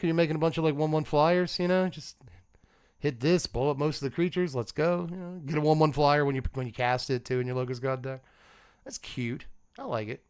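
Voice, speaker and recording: A man's voice: medium pitch, a little fast, clean tone. A man hosting a casual card review, rambling with lots of fillers and frequent laughs. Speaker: host of a card game channel.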